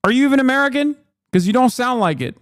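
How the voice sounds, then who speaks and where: A man's voice: very high-pitched, lively intonation, fast talker, no room sound, studio quality. A male streamer giving heated, profane political commentary, mocking and ranting. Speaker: streamer host.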